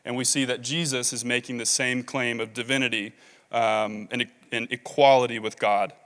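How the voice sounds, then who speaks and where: A man's voice: mid-range voice, steady tone, moderate pace, a bit bright. A man preaching a sermon as pastor, talking casually with many fillers and reading scripture aloud. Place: large church hall. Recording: long reverb of a large hall.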